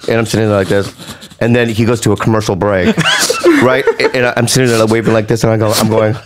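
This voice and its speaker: A man's voice: lowish voice, fast talker, very noisy. A man telling a long comic story in casual chat, acting out quotes and laughing often. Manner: animated, laughing, acts out quotes. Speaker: comedian guest.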